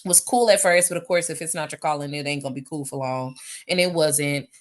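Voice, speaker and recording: Speaking low and briskly, an American woman chats animatedly with her live-stream viewers, reading their questions aloud and calling them y'all. It's a casual Q&A, picked up on a phone or webcam.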